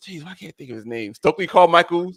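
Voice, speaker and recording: Lively man, expressive and slangy. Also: on the high side, fast talker, no echo, clean studio sound. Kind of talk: casual chat.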